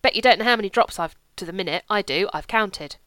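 A furtive little red-headed Englishman full of cheeky, chummy banter, voiced by a woman reading a novel. He talks briskly and loudly. The recording is close, clear and dry. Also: mid-range voice, dry recording, natural voice.

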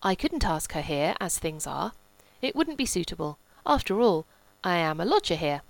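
A woman reading the part of a solemn, placid, pompous gentleman with a grave, measured delivery. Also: lowish voice, sing-song, creaky, no echo, rough recording.

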